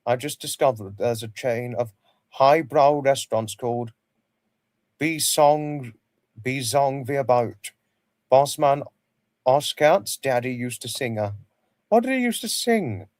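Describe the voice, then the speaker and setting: Male livestream host, mid pitch, rambling and repetitive, greets fans by name; dry, close sound. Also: expressive, slow, pauses often, darkish tone, no room sound. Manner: rambling, repeats himself, greets viewers by name. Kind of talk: casual chat with viewers.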